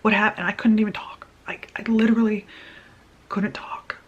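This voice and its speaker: A woman vlogger telling a personal story in a casual, animated way, with quick restarts as she goes. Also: medium pitch, husky, muffled recording. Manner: animated, tumbling retelling with restarts.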